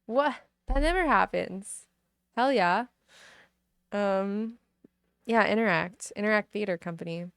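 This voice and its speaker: A woman's voice: medium pitch, measured pace, pauses often, fairly bright tone, smooth, no echo, clean studio sound. A young woman streaming live, chatting with her viewers between giggles and reading a novel aloud. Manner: giggly, chatty, reacting to chat messages. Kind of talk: casual live-stream chat with book reading.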